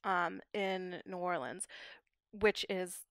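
A young adult woman, a guest linguist, explaining dialect features in measured, academic podcast talk. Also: lowish voice, clean tone, no room sound.

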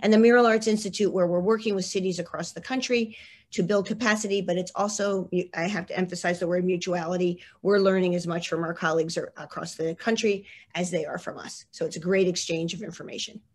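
A woman's voice: fairly low pitch, fairly quick. A woman leading a mural arts program, giving an enthusiastic slide presentation full of "like" and emphatic asides. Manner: effusive, lots of "like", emphatic. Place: online talk.

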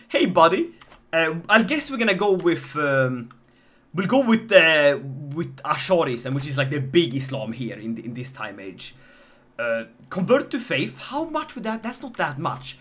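A man with a Swedish accent commentating his live game stream, joking and animated as he talks to chat. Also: on the high side, unhurried.

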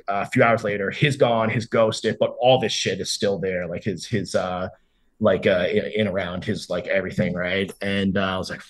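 A man's voice: fairly low pitch, a bit bright. Profane, rambling man telling a story. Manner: loose and profane, heavy on "like", acts out quoted dialogue. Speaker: interview guest. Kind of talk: casual storytelling.

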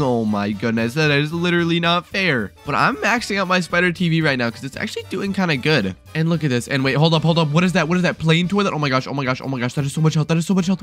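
A young man giving excited, exclamatory commentary over a video game, often repeating himself in bursts. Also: fairly high pitch, soft background music. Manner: hyper, exclamatory, repeats phrases rapidly. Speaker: gaming YouTuber.

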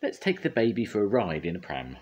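An older man voicing a calm, kindly mother in a storybook, slow and reassuring. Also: lowish voice, highs cut off, slight background noise, pitched above the performer's own voice.

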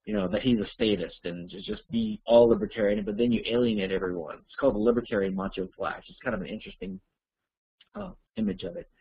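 Man, instructor answering questions, rambling conversational delivery, husky voice, muffled lo-fi audio. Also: medium pitch. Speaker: online course instructor. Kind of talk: live Q&A answering listener questions.

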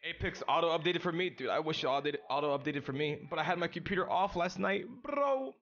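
A young man streaming a video game, chatting casually with his chat in an excitable, slangy way. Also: on the high side, fast talker, highs cut off. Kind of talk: casual live-stream chat while gaming.

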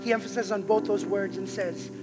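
A male pastor preaches with a strikingly high voice, pressing each point with passion. He swings from loud declarations to hushed, intimate lines. Music plays clearly behind him in the church. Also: fairly even intonation, a little fast. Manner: impassioned, emphatic, swings between loud and hushed. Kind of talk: sermon.

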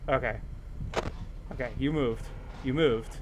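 A man streaming a horror game live, muttering to the on-screen threats and breaking into panicked shouts. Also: mid-range voice, steady tone, a little slow, background noise.

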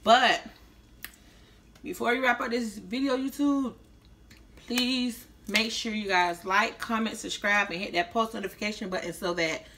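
Bright-voiced woman, slangy mukbang chat. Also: on the high side, fairly even intonation, a little slow, a little hiss or hum. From Tampa, Florida, US. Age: 30s. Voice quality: slightly slurred speech after orthodontist visit. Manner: slangy, chatty, talking while eating. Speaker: vlogger. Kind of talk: casual mukbang vlog chat.

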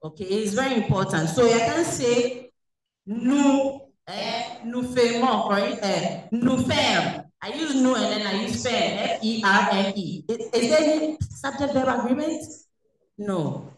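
Over a video call, a woman teaches French, asking the class questions and then answering them herself. Her voice is a little high, animated, and unhurried, and the recording sounds echoey, with her sitting far from the mic.

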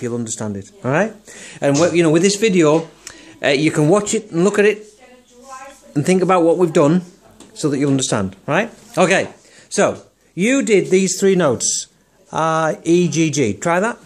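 A man's voice: on the high side, expressive, normal speed, husky. A man giving a casual piano and songwriting lesson at home, patient and encouraging, often checking in with "right?". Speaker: piano teacher. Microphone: phone camera.

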